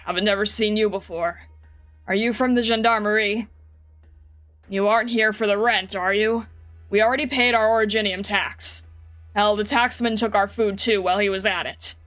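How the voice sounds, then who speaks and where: A woman's voice: medium pitch, steady tone, moderate pace, a bit bright, close to an everyday voice. A woman voicing a wary, defensive middle-aged male farmer who talks in a blunt, grumbling way, over faint background music.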